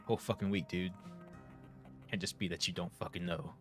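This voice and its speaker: A man's voice: sits low, steady tone, brisk, over music, lightly acted. A man voicing an aggressive, jealous teenage boy in a video game, blunt and swearing. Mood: furious.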